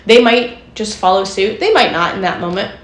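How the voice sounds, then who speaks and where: A woman's voice: medium pitch, expressive, moderate pace, echoey room. A woman co-hosting a podcast as a therapist, talking casually and explaining with lots of "like" and "right?". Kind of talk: casual chat.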